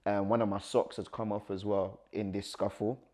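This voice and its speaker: Speaking at a normal speed in a lowish voice, a young guest recounts something that happened to him. He's lively, performs the conversations himself, and laughs nervously along the way.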